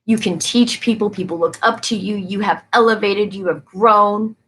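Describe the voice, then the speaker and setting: A woman's voice: mid-range voice, steady tone, normal speed, fairly bright tone, rough recording. A woman giving a live-stream tarot reading, talking casually and emphatically to her viewers and answering their comments as she goes.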